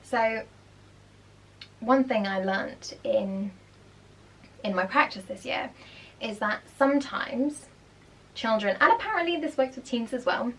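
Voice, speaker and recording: A woman's voice: fairly high pitch, measured pace, long pauses. Young female teacher, chatty and explanatory, casual at-home commentary. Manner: chatty, explanatory, animated asides. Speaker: primary school teacher.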